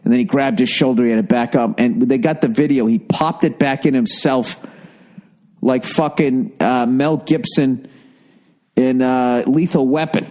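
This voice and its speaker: A man's voice: medium pitch, steady tone, measured pace, a little mellow. A man in his forties hosting a podcast, telling a rambling, profane story in a casual comedic monologue. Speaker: podcast host.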